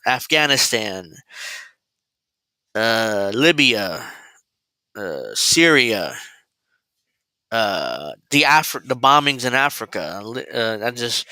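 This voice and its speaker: A male host riffs through a political commentary livestream, sarcastic and rambling, with plenty of fillers and restarts. His voice is bright and crisp. The sound is dry and close. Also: mid-range voice, no echo, rough recording.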